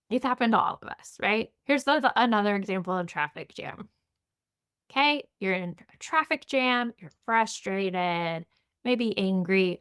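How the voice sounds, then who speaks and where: A woman's voice: medium pitch, moderate pace, fairly bright tone, clear, resonant tone. Woman, mindfulness teacher, recorded class, conversational, questioning. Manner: conversational, asks many guiding questions, frequent "you know" and "right".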